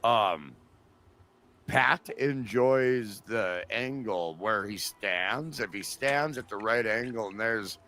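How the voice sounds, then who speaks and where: A man reading out chat messages on a podcast with a slow, amused delivery. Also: lowish voice, bright, forceful tone.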